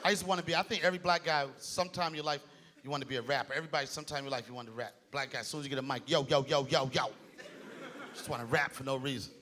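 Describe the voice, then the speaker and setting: A man performing a stand-up comedy set on stage, animated, shouting his punchlines and slipping into voices. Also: mid-range voice, racing, noisy background. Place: comedy stage before a live audience. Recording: live club with loud crowd laughter.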